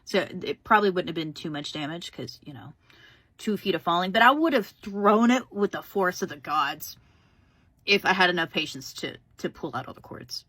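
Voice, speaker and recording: A woman's voice: on the low side, expressive, normal speed, fairly bright tone, slightly rough, no echo. A woman ranting to the camera, indignant and sarcastic, exaggerating her anger. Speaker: customer venting on video. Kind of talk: exasperated rant to camera.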